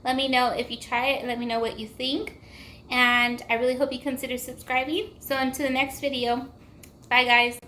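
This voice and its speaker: A young woman talks her viewers through dinner in a casual cooking vlog, chatty and full of little fillers. Her voice sits a touch high and sounds bright and forward. A faint hum of room ambience sits behind her. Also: little pitch movement, moderate pace. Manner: chatty, warm address to viewers with frequent fillers. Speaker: cooking vlogger. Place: home kitchen.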